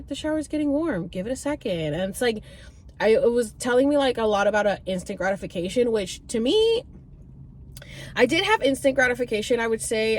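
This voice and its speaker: A woman's voice: mid-range voice, slight background noise. A young woman vlogger telling a personal story in casual chat, full of "like" and restarts, acting out her own past voice with sudden squeals and cries. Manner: heavy use of "like" and filler restarts. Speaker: vlogger and spiritual reader.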